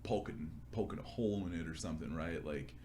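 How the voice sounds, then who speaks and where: A man's voice: a bass voice, a little fast, mellow, a little hiss or hum. A young man co-hosting a casual chat, telling crude stories with lots of laughter and animation. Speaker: podcast co-host.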